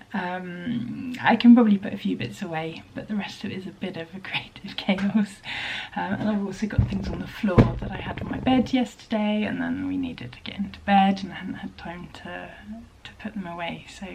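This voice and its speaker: A woman chatting casually in a home vlog about her sewing, speaking softly and often half-whispering, with many hesitant ums. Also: lowish voice, moderate pace, gravelly, slightly rough, rough recording. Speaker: vlogger and maker of teddy bears. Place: home workspace at a sewing desk.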